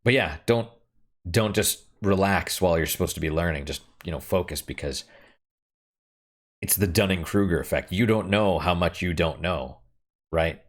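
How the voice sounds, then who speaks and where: This young man has a deep voice and speaks at normal speed. As a gaming streamer, he talks casually and candidly over his game, rambling and cursing occasionally.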